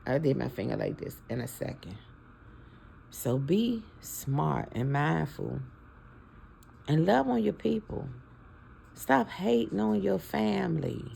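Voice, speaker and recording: A woman's voice: low voice, lively intonation, slow pace, gravelly, dark tone, slight background noise. A woman in her fifties talking to her followers in a casual, heartfelt and preachy way, emotional about her family. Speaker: vlogger. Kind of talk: casual heartfelt talk to camera.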